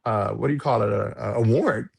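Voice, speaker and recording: A man telling a story as a podcast guest, frank and animated, with cursing and sudden high jumps in pitch when he quotes people. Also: brisk, gravelly, slightly rough. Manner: frank, swears freely. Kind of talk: storytelling in a casual interview.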